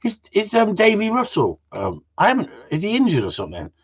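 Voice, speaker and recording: A man's voice: high voice, wildly swooping pitch, brisk, breathy edge. Rambling, jokey man on a muffled stream. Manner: rambling, jokey, swears freely, tag questions. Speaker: host of a live Q and A. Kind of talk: casual live-stream chat. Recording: muffled lo-fi audio.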